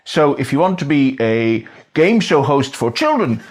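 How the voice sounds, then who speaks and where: A man explaining an accent in an enthusiastic, animated way. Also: medium pitch, measured pace.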